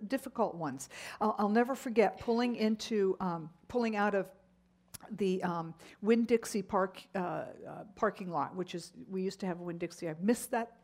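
With a medium-pitched voice, a middle-aged woman gives a Bible lesson. Her storytelling is lively, and she exclaims a lot.

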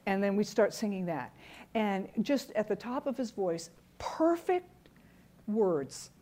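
A woman's voice: mid-range voice, sing-song, slow, dark tone. Middle-aged lady teaching bible class, earnest, tells stories, repeats words for emphasis. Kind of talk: church teaching talk.

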